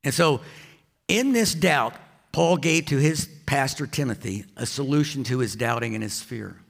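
A man's voice: mid-range voice, moderate pace, creaky. A man preaching a sermon as a pastor, telling a personal story with frequent repeats and restarts.

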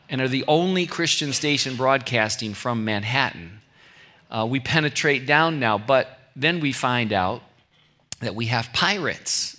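Male pastor, middle-aged, from California; bright tone, casual storytelling sermon. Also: mid-range voice. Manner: conversational storytelling with anecdotes and asides.

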